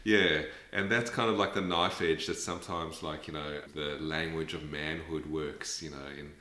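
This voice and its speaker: A man's voice: extremely low pitch, fairly even intonation, normal speed, pushed and bright. An Australian man talking thoughtfully as an interview guest, rambling with many fillers. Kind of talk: reflective conversational interview. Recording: roomy echoey sound.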